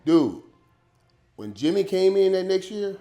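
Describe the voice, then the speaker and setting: Animated slangy man telling stories. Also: high-pitched, measured pace. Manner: animated, slangy, repeats words and acts out quotes. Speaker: guest. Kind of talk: casual storytelling.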